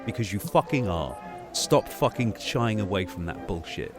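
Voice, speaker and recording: Ranting, sweary man, low voice. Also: animated, moderate pace, over music. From Cornwall, England. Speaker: podcast host. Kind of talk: casual chat.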